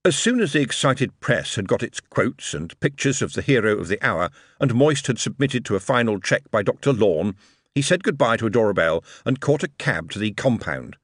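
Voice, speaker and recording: A man narrating an audiobook in measured, expressive storytelling. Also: on the low side, no room sound, clean studio sound. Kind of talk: scripted narration.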